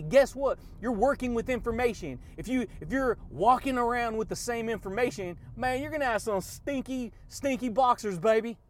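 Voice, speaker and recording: Male motivational podcaster, high voice, energetic, shouty, laughs a lot. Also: slight background noise. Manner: hyped, shouting catchphrases and laughing often. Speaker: podcast host.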